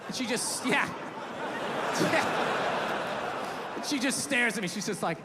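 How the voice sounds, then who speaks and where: A male stand-up comedian rants profanely and with exasperation. His voice is strikingly high. It booms through a large live hall over a noisy crowd. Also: lively intonation, slow. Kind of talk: stand-up routine.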